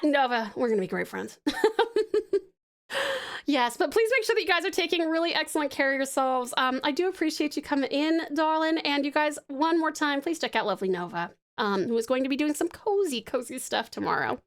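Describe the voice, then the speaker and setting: A woman's voice: high-pitched, expressive, fast, hardly any pauses. A woman from Tasmania with an Australian accent, chatting casually on a live stream. She is bubbly and affectionate, swears freely, laughs often, and rambles while sketching.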